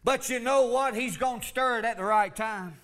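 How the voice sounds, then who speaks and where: A man preaching a fervent sermon, swinging from loud calls to low asides. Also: normal speed. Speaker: pastor.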